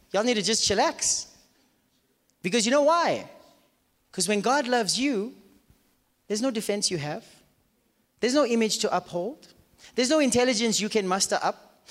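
Here a man's voice sits high with a fairly bright tone as he preaches a sermon to a live church congregation. Rhetorical questions come one after another, and he plays out the listeners' doubts in quoted voices. The recording carries the reverb of a church hall.

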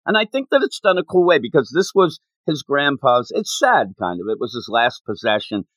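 A man's voice: medium pitch, moderate pace, no echo. Guy chatting about comics, laughs a lot, dry close sound. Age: adult. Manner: animated, laughs often, acts out quotes. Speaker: podcast co-host. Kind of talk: casual manga discussion.

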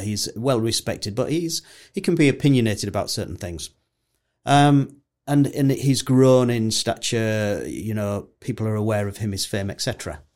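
A man with a low-pitched voice hosts a podcast interview. He talks in an easy, conversational way and guides his guest with questions. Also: a little mellow. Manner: conversational, steers the talk with questions. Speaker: podcast host.

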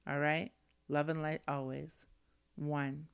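A woman's voice: sits low, level tone, takes it slowly, vocal fry, smooth. A woman hosting her own podcast, giving heartfelt thanks and affirmations in an effusive, affirming way. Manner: effusive, affirming, full of thanks and shout-outs. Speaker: podcast host. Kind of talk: solo podcast sign-off.

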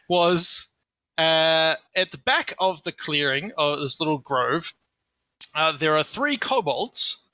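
A man's voice: on the high side, expressive, slow, sharp tone, dry recording. A man running a tabletop game as game master, narrating the scene in a casual, meandering way and often correcting himself. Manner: casual, meandering descriptions with frequent self-corrections.

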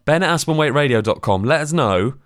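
A man's voice: a little high, expressive, a little fast, no echo, studio quality. A man co-hosting a podcast, easygoing and joking in casual chat. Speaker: podcast co-host.

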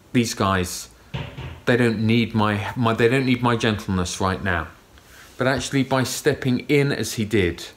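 A man preaching a sermon, telling a story calmly with gentle emphasis. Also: on the low side.

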